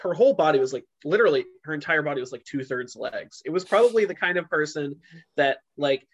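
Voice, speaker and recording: Guy rambling on a podcast, kinda high voice, dull lo-fi sound. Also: expressive, quick pace. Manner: rambling, many fillers and restarts. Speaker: podcast co-host. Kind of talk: casual chat.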